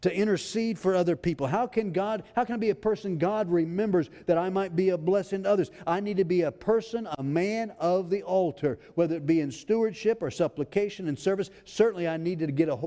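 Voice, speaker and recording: A pastor preaching a sermon, reading scripture aloud in a pleading preacher's cadence. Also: male voice, sits high, mellow. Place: church sanctuary. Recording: long hall reverb.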